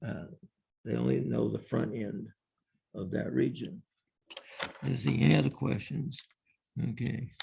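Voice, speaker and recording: A man's voice: medium pitch, measured pace, gravelly, pauses often, dark tone, slight background noise. A male professor giving a university lecture in a classroom, explaining step by step and repeating key terms.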